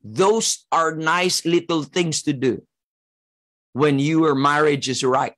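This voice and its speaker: Slow, bright-voiced Filipino preacher man. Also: on the high side. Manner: emphatic, repetitive preaching punctuated by "Amen". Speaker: pastor. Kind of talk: sermon.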